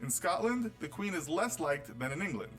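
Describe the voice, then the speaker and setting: A man's voice: on the high side, big pitch swings, moderate pace, a bit bright, soft background music, poor audio. A man reading scripted documentary narration, with a wry, teasing delivery of facts. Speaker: video narrator.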